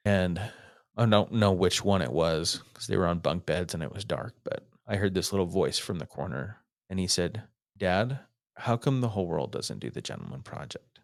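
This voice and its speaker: A middle-aged man, a podcast guest, telling stories in a lively way and acting out what people said. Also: sits low, dry recording, studio quality. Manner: animated storyteller, acts out quotes. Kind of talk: casual storytelling interview.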